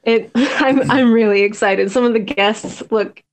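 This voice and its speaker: Giggly soft-spoken woman guest, higher voice. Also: unhurried. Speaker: podcast guest, new tabletop gamer. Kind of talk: casual interview chat.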